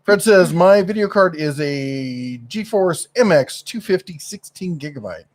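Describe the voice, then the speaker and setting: A man's voice: on the high side, expressive, unhurried. A middle-aged man chats casually as co-host of a live stream. He rambles and stops often to search for the right word, with lots of fillers.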